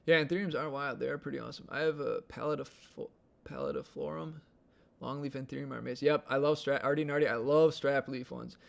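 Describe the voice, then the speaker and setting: A man's voice: mid-range voice, fairly even intonation, quick pace, creaky. A man with a Midwestern accent hosting a live stream, rambling in an easygoing way and saying "like" a lot. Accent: Midwestern American. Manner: rambling, easygoing, heavy use of "like". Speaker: livestream host. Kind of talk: casual live-stream chat. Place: home indoors.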